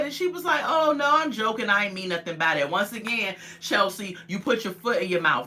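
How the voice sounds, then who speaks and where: Bright-voiced woman recapping casually. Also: medium pitch. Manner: animated storytelling, acts out quotes, laughs often. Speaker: reality show recap vlogger. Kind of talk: casual chat.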